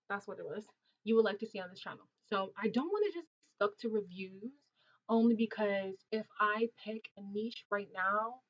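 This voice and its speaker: Twenties woman streamer, chatty and slangy, laughs a lot, dull lo-fi audio. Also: medium pitch. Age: 20s. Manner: chatty, animated, laughs often, loose slangy talk. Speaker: livestream host. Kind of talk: casual livestream chat reading viewer comments. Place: Ontario, Canada.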